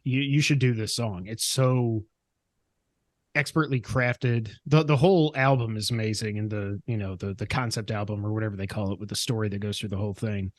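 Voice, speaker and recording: A man's voice: lowish voice, a little fast, dry recording, clean studio sound. A man co-hosting a gaming podcast, chatting casually with a playful, teasing and rambling manner. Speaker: podcast co-host. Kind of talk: casual chat.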